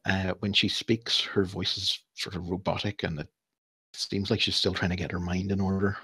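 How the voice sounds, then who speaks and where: Man, game master, husky low voice, dry close sound, relaxed narration. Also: moderate pace, no echo. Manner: relaxed, laughing narration with fillers.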